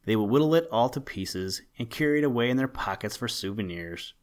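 A man's voice: medium pitch, animated, fairly quick, close to an everyday voice. Santa Claus, read by a man, hearty. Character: jolly, brisk old Santa Claus.

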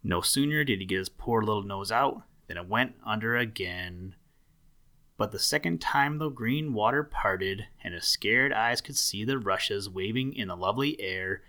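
Slow, bright-voiced man reading a storybook. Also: lowish voice. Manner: slow, gentle storytelling with dramatic swells. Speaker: narrator. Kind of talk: storybook read-aloud.

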